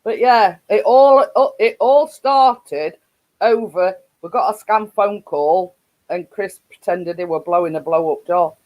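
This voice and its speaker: A woman's voice: medium pitch, unhurried, a little mellow, low-quality recording. A woman with a Yorkshire accent hosting a casual live stream, rambling with frequent laughs and restarts.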